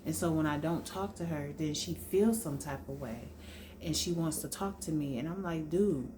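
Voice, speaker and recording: A young woman with a notably low voice talks to her viewers in a loose, chatty sit-down vlog. She tells stories informally and keeps turning back to the audience. A faint hiss sits under her voice. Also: normal speed. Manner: chatty, informal storytelling, addresses viewers as y'all. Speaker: vlogger. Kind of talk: casual sit-down chat.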